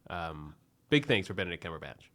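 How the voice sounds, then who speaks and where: A man's voice: low voice, lively intonation, normal speed, a bit bright. A young man co-hosting a podcast, talking enthusiastically about actors in casual, filler-heavy chat. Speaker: podcast co-host. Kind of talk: casual movie review chat.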